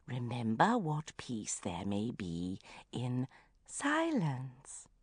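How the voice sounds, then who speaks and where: A woman voicing a theatrical, self-dramatizing middle-aged mother who gushes and drops into breathy whispers. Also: rumbling low, wildly swooping pitch, extremely slow, no room sound, pitched below the performer's own voice, exaggerated voice. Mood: histrionic. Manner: histrionic, gushing, swinging into breathy whispers.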